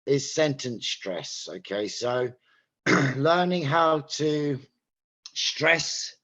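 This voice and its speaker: A man's voice: mid-range voice, a bit bright. An English man with a British accent, teaching pronunciation to an online class and patiently checking that listeners follow. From England. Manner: patient, checks understanding with "okay?".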